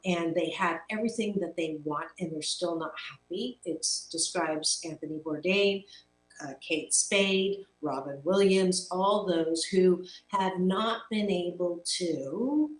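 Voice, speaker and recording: A middle-aged woman hosts a motivational talk segment, speaking earnestly and emphatically and repeating words as she hunts for the next thought. Her voice sits a little low. She sounds set back from the mic in an echoey room, with a faint hum underneath. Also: recorded from a distance. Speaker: talk show host and life coach.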